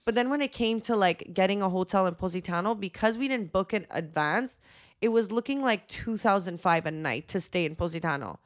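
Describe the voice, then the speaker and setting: A woman's voice: mid-range voice, lively intonation, fairly quick. A young woman from Montreal telling a rambling story as a podcast co-host in casual chat, full of "like" and swearing. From Montreal, Canada.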